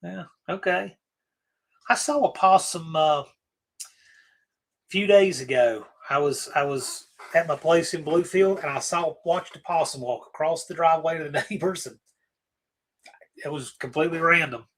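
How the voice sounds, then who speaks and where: A man from Virginia hosts a casual livestream, musing over viewer comments in a relaxed, rambling way and often trailing off before starting again. His voice sits a little high and has a bright, forward edge. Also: moderate pace, long pauses, poor audio. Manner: rambling and easygoing, trailing off and restarting. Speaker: livestream host. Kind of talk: casual live-stream chat, answering viewer comments.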